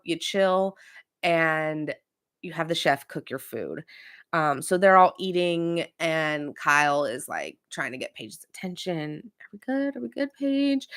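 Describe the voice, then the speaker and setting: Woman, 30s, podcast host, chatty, opinionated, lowish voice. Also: fairly bright tone, smooth. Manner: chatty, opinionated, many fillers. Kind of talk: casual recap.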